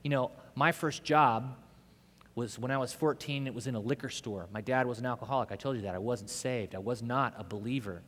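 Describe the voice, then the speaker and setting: A man preaching a sermon, telling a story with animation and swinging between loud bursts and hushed moments. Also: medium pitch, fairly quick. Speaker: pastor. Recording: echoey hall reverb.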